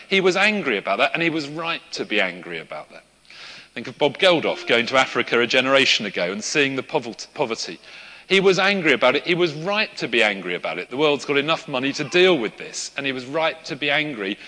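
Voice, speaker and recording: A man's voice: medium pitch, sharp tone. A middle-aged man preaching a conversational sermon to a congregation, with small asides and a light laugh now and then. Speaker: pastor. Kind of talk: sermon with a live demonstration. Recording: reverberant church hall.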